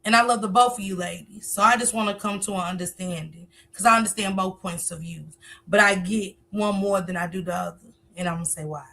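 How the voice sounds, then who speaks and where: A woman's voice: medium pitch, fairly quick, gravelly, pushed and bright. A woman hosting a casual live stream, talkative, reading viewer comments aloud and answering them.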